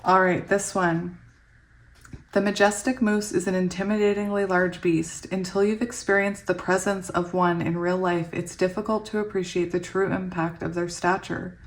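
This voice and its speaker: Giggly, excitable woman reading tarot. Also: lowish voice, normal speed. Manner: giggly, excitable, often laughing mid-sentence. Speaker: tarot reader.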